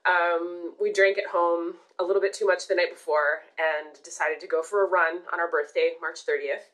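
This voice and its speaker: A woman telling a long personal story in casual podcast chat, animated and swearing casually. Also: fairly low pitch, normal speed, low-quality recording.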